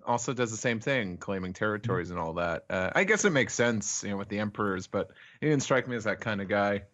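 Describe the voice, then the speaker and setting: Hesitant low-voiced male co-host. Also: a little fast, fairly bright tone, dull audio. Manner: hesitant, many "uh"s. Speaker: podcast co-host. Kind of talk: casual chat.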